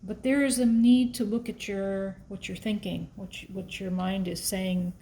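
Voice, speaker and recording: A woman's voice: medium pitch, fairly even intonation, normal speed, warm tone, a little hiss or hum. A woman giving a casual, emotional tarot reading, thinking aloud as she shuffles and pulls cards. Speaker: tarot reader.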